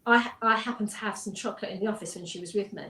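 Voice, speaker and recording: A woman's voice: medium pitch, very fast, sharp tone. A woman, a hypnotherapist, chatting casually in an interview and telling client stories with frequent ums and restarts. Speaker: hypnotherapist guest. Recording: roomy echo.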